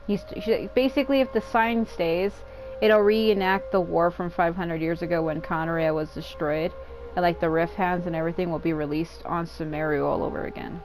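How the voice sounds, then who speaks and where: A gamer with a fairly low, darkish voice talks casually as she plays, steady in tone and moderate in pace. She rambles through the game's lore, saying "like" constantly and swearing now and then, with game music behind her on a low-quality recording.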